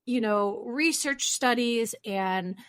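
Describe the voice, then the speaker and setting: A woman's voice: on the high side, takes it slowly, clear, resonant tone, no echo, clean studio sound. A young woman therapist hosting her own podcast, talking earnestly and rambling a little, with self-deprecating asides. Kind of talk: solo podcast talk.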